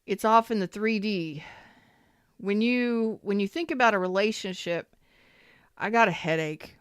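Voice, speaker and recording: A woman's voice: medium pitch, unhurried, smooth, dry recording, clean studio sound. A woman giving a casual tarot reading, repeating herself emphatically and sometimes swearing. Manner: repetitive and emphatic, swears when worked up. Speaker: tarot reader.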